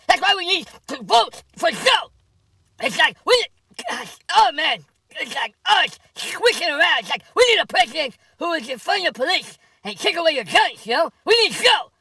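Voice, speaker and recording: A woman doing a comedy sketch impression of a fussy, outraged wealthy politician, whining and yelling. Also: very high-pitched, dry recording, distant mic, heavily acted. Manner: shouting, whiny and indignant.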